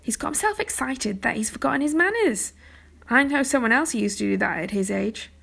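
A woman's voice: fairly high pitch, lively intonation, a little fast, gravelly, fairly bright tone, husky, exaggerated voice. A woman doing a firm, kindly old lord. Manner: firm, authoritative. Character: firm but kindly older lord and father figure.

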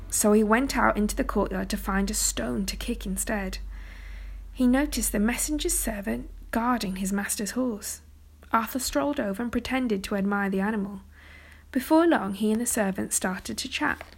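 Woman gently reading a storybook, gravelly. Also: mid-range voice. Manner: gentle, soft-spoken, dropping to a whisper at times.

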